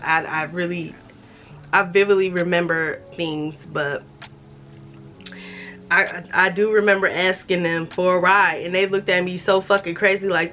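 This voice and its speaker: A woman's voice: on the low side, fairly even intonation, a little slow, pushed and bright, soft background music. A young adult woman vlogger telling a casual, profane storytime, acting out the voices of the people in it.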